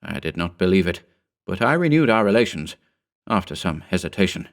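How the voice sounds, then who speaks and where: Male horror narrator, low voice, slow brooding reading. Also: very animated. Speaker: audiobook narrator.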